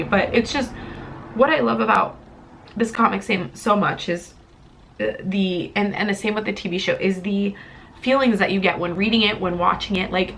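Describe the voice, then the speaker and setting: A woman's voice: mid-range voice, normal speed, creaky, a bit bright, slight background noise, low-quality recording. A young woman reviewing a comic in a casual vlog, rambling and emotional, close to tears. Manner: emotional, rambling, tearful at times.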